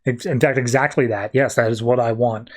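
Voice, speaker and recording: A man's voice: mid-range voice, steady tone, a little fast, natural voice. A man voicing a bloodthirsty woman who answers bluntly, in a voice close to his own.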